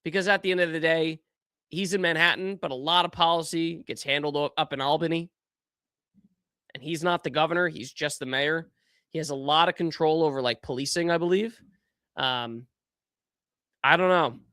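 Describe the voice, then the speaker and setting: Animated young man with a bright voice. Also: a little high, moderate pace, pauses often, clean tone, dry recording, studio quality. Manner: animated, incredulous, trailing off and restarting. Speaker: podcast host. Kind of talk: casual political commentary.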